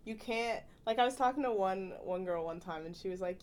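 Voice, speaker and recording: A young woman chatting casually, animated and full of laughs, with filler-heavy speech. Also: medium pitch, a little fast, few pauses, slight background noise. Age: young adult. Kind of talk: casual podcast chat.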